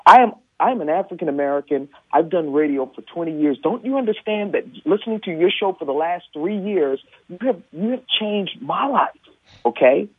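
A male caller pleads earnestly over a tinny phone line and trips over his own words as he speaks. His voice is slightly high for a man and swings widely in pitch. It has a husky edge and comes through dry. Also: animated, a little fast, dry recording. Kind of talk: call-in radio plea. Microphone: telephone.

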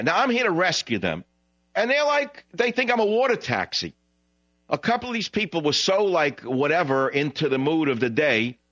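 A man hosting a call-in radio show, telling a long rambling anecdote in a blunt, digressive way, his voice jumping high when he retells what others said. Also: fairly bright tone, no room sound, dull audio. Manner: blunt, digressive, frequent "blah, blah, blah". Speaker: radio talk show host.

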